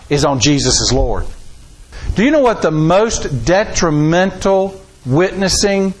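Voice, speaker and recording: A middle-aged man, preaching a sermon in a folksy, animated way with rising emphasis. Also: sits high, rough recording. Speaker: pastor.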